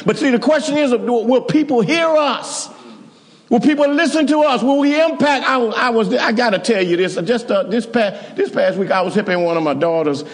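A middle-aged male pastor telling a story in a sermon, swinging from loud exclamations to hushed asides and repeating himself as he goes. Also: very high-pitched, moderate pace.

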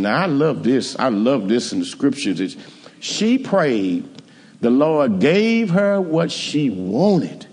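A man preaching a sermon in a church, rising to high, emphatic climaxes. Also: big pitch swings, slow, creaky, darkish tone, breathy edge. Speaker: pastor. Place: church sanctuary. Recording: church hall reverb.

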